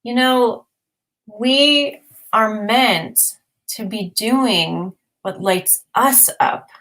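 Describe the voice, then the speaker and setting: Slow, earnest woman co-host. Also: on the high side, a bit bright. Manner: earnest, encouraging. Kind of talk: casual chat.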